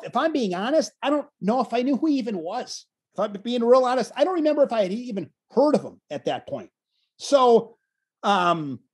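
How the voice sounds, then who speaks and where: This man, a wrestling commentator, shares a story in an easygoing interview with lots of energy and self-deprecation, often beginning phrases again. His voice is high-pitched and slightly rough.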